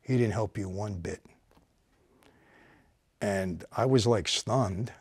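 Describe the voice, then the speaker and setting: A man, hosting and telling a personal story in casual conversation, often dropping to a low quiet voice at the tense moments. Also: slow, husky, dry recording, studio quality.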